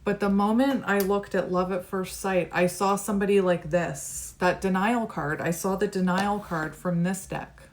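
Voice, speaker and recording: A woman's voice: mid-range voice, steady tone, normal speed, hardly any pauses. A woman giving a tarot reading to the camera, musing card by card in a reflective, conversational way. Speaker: tarot reader.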